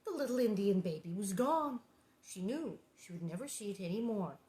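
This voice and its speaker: A woman's voice: medium pitch, animated, moderate pace, mellow. A woman in her sixties reading a children's book aloud and breaking off for wry, laughing asides. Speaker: reader and host. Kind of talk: storybook reading with chatty asides. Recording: roomy echo.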